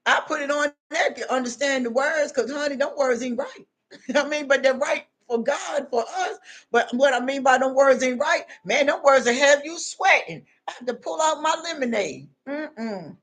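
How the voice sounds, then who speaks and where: A woman hosting a livestream, talking in a folksy, animated, preachy way and often calling listeners honey and y'all. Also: high-pitched, moderate pace. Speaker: livestream host. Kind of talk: preachy casual livestream talk.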